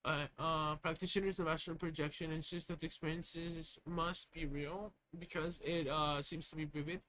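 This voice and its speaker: A young man streams from home on a desk mic, reading text aloud and breaking off into loose, laughing, profane asides. His voice sits a little high for a man, with a faint hiss of noise underneath. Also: level tone, normal speed, bright, forceful tone, poor audio. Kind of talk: casual live-stream commentary.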